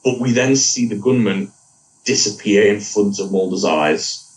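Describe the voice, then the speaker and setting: A man's voice: fairly low pitch, measured pace. A man co-hosting a podcast, recapping an episode in a rambling casual way and correcting himself as he goes. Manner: rambling, self-correcting, laughs at own slips. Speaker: podcast co-host. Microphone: wrong mic picking him up from afar. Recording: distant from the mic.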